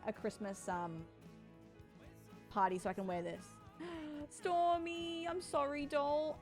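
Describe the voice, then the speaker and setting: A woman streaming, chatting casually with viewers in a bubbly, playful way. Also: a little high. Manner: bubbly and playful, talks to chat. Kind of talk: casual sponsored livestream chat.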